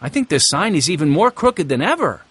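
A man's voice: a little high, big pitch swings, brisk, a bit bright, breathy edge, heavily acted. A man voicing a capable teenage boy in a storybook, sounding confident and helpful.

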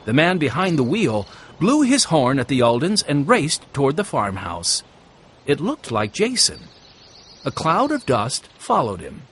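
A man reading a children's storybook aloud with an expressive, sing-song delivery. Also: mid-range voice, a little slow, slightly rough. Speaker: narrator.

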